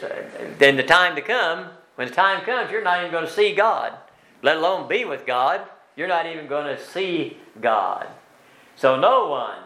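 A man teaching a Bible study, his voice sitting a little high. He breaks verses down word by word and keeps asking the group short rhetorical questions. The room gives his voice a clear echo. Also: a bit bright.

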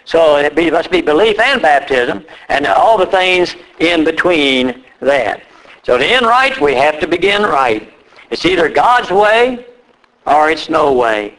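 A man preaching a sermon, reading scripture slowly and repeating key phrases with rising emphasis. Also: a little high, very animated, a bit bright, low-quality recording. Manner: reads scripture aloud slowly.

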